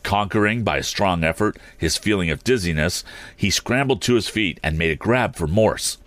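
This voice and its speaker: A man narrating an adventure story aloud at a steady pace, with small slips that he corrects as he goes. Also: deep voice, normal speed, no room sound. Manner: steady reading with occasional slips and restarts. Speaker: audiobook reader.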